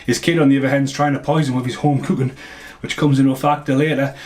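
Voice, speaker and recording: A man's voice: mid-range voice, flat delivery, fast talker, a little mellow. A man giving a casual, rambling film review, swearing freely and laughing at his own jokes. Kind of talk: casual movie review rant.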